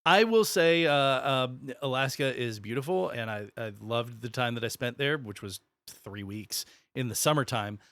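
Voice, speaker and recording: A man's voice: medium pitch, animated, normal speed, hardly any pauses, a bit bright, no echo. A man raised in the American South co-hosting a podcast, rambling and swearing casually. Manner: rambling, swears, self-correcting. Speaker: podcast co-host. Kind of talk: casual chat.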